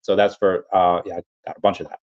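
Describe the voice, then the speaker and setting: Low-voiced man chatting on a livestream. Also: flat delivery, quick pace, a little mellow, dull audio. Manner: rambling, reads viewer comments aloud. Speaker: livestream host. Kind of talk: casual livestream chat.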